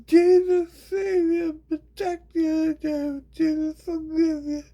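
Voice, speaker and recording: A squealing, whiny falsetto simpleton, high and piercing, stretching words out in a sing-song ramble. The put-on voice sits far above a gravelly, dark speaking voice and keeps a jeering edge. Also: male voice, level tone, slow pace, exaggerated voice. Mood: mocking. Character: shrill dim-witted caricature of an ordinary person.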